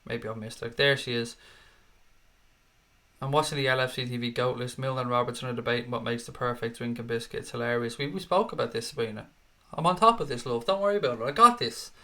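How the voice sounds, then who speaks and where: A middle-aged man with a medium-pitched, sharp voice hosts a casual live stream, reading viewer comments aloud. He swears a lot and is quick to launch into rants of mock outrage.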